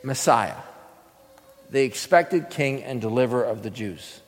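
This preacher, teaching a class, has a medium-pitched voice with lively intonation and a slightly slow delivery, heard in a big room. He lays out scripture sermon-style, quizzing listeners before answering his own questions.

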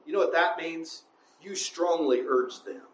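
High-voiced man preaching a sermon. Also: a little slow, roomy sound, a little hiss or hum, poor audio. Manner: conversational, often asks the congregation "right?".

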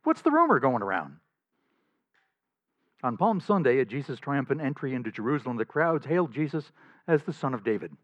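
A male pastor preaching a sermon in an emphatic, animated way, often chuckling between points. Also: mid-range voice, fairly quick, pauses often, no echo. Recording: slightly dull dry recording.

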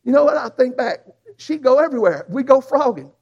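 A preacher who tells a folksy, animated story in a sermon. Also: male voice, very high-pitched, brisk, vocal fry, husky. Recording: dull lo-fi sound.

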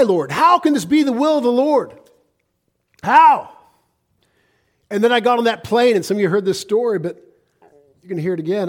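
A middle-aged American man preaching a sermon, swinging between loud emphasis and hushed, quiet passages. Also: fairly high pitch. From United States. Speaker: pastor.

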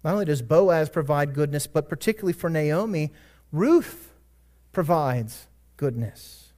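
Earnest preaching man, fairly high voice. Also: lively intonation, a little slow, a little mellow. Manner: earnest preaching with rising emphatic peaks; conversational asides and self-corrections. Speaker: pastor. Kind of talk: sermon.

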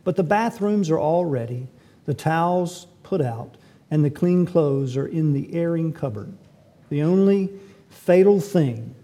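A man's voice: on the high side, dark tone. A man preaching a sermon as pastor, emphatic and full of rhetorical questions.

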